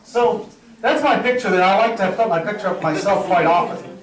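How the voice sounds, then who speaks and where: A man's voice: high-pitched, fairly quick. A middle-aged man leading a live presentation skills workshop, telling stories to the room and acting out the dialogue with laughs. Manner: energetic storyteller, acts out dialogue, laughs at own jokes. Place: meeting room with audience. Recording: roomy sound from a distance.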